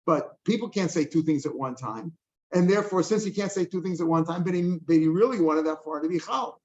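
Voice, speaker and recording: Older male Talmud teacher, slightly high voice, conversational, checks in often, dull lo-fi sound. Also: fairly quick, a little mellow. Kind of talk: explaining a Talmud page line by line. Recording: dull lo-fi recording.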